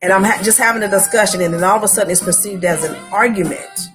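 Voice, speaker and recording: A woman's voice: medium pitch, quick pace, over music. A woman hosting a live-stream discussion, talking in a conversational way and agreeing emphatically. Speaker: host.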